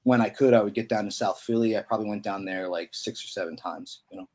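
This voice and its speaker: A man's voice: on the low side, steady tone, fast talker, crowd noise. A man in his thirties from Pennsylvania, a musician guest telling stories in a loose, chatty way full of fillers and slang. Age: 30s. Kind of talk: casual storytelling.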